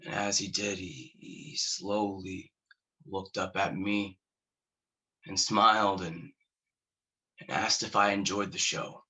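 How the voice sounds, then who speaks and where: An actor playing a haunted male war veteran, telling his story slowly and haltingly, stumbling over repeated words. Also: low voice, level tone, bright, forceful tone, exaggerated voice, low-quality recording. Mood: grim. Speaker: actor performing a monologue. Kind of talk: dramatic monologue.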